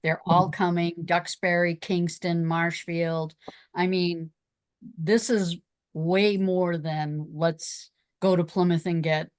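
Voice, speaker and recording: A woman on a town committee who speaks in an earnest, unhurried way at a public meeting. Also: fairly low pitch, fairly even intonation, clear, resonant tone, no echo, clean studio sound. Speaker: committee member.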